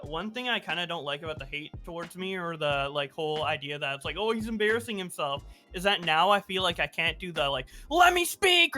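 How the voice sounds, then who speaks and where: A man guesting on a video-call chat, laughing often and breaking into loud shouted impressions. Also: fairly high pitch. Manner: laughing, animated, bursts into screaming impressions. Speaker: podcast guest.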